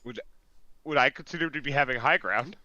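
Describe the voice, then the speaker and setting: A man playing in a tabletop game, asking slow, drawling questions. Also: medium pitch, sharp tone, no echo. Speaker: player. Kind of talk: casual tabletop play over voice chat. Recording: dull dry mic.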